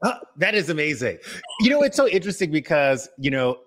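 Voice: medium pitch, very animated. A podcast host asking questions and joking in casual interview chat. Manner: playful, quick reactions and jokes.

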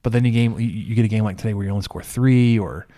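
A man's voice: on the low side, fast talker. A man hosting a podcast, chatting casually about sports with easy restarts. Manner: relaxed, repeats words. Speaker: podcast host.

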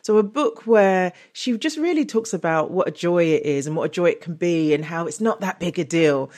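A woman's voice: lowish voice, normal speed, a little mellow. A woman talking casually as a guest author and comedian, chatty, often laughing and restarting her sentences. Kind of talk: casual interview chat.

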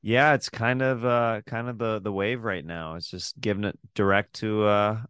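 A man in his thirties chats as a podcast guest in a low, smooth, resonant voice. The sound is dry and close, and his easygoing, rambling manner leans into self-deprecating humor. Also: fairly even intonation, moderate pace, a bit bright, no echo. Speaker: comedian guest. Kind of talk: casual interview chat.

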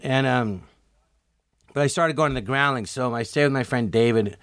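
Man, 60s, lively raconteur who acts out quotes; dry, close mic. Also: mid-range voice, normal speed, dry recording. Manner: animated storyteller, acts out quoted voices. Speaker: guest comedian. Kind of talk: casual storytelling interview.

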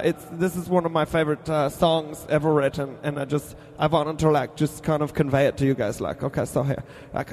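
A man's voice: fairly high pitch, a little mellow. Rambling man with a long reverb. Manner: rambling, halting with many "like"s. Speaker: comedy guest. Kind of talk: improvised comedy bit.

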